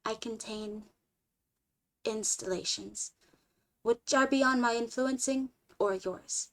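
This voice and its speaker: A woman doing a slow, formal male alien scout. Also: a little high. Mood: grave. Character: tall grim male alien scout, weary.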